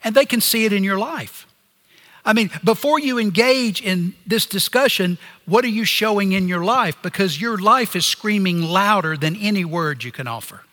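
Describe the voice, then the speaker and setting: A man preaching a sermon in an earnest, measured way, pausing often and letting phrases drop low at their ends. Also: expressive, sharp tone, big-room sound.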